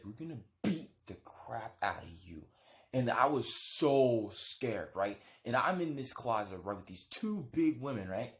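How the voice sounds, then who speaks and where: A man casually retelling a dream in a rambling, animated way, with lots of "like" and "right?". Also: mid-range voice. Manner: animated storytelling. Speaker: vlogger.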